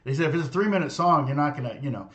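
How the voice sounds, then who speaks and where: Man, middle-aged, guitar teacher, casual rambling chat, slightly high voice, lots of fillers. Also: expressive, rapid-fire, fairly bright tone. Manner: rambling, many fillers and restarts, laughs often.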